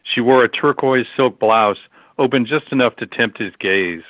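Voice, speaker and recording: A man narrating a story in a steady, measured reading over a tinny phone-like line. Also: medium pitch, no echo.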